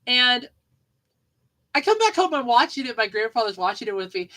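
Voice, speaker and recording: Her voice is fairly high and sharp, swinging widely in pitch at a moderate pace, captured on a rough recording. The woman hosts a podcast, casually chatting about movies and rambling through childhood stories, laughing and repeating herself often.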